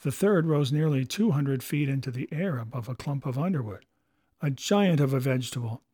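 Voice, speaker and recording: A man reading a classic adventure novel aloud as narrator, with steady storytelling. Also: medium pitch, moderate pace, slightly rough, no room sound, clean studio sound. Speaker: audiobook narrator. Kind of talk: scripted narration.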